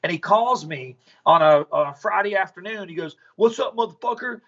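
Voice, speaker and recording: A man with a high-pitched voice speaks as a podcast guest. He tells stories bluntly and casually, swearing freely. The audio sounds dull and lo-fi. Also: normal speed, a bit bright. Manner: blunt, profane, storytelling. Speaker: business owner guest.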